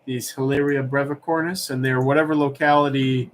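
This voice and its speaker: A man's voice: mid-range voice, little pitch movement, a little fast, a little hiss or hum. Chatty man hosting a live auction. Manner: rambling, chatty, reads chat aloud. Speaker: livestream auction host. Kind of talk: casual livestream chat.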